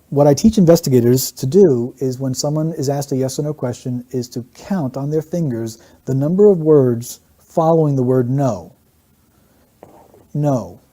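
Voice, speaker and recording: With a warm, mid-range voice, a man teaches statement analysis by methodically walking through an interview clip. He repeats key phrases for emphasis as he explains what the clips reveal.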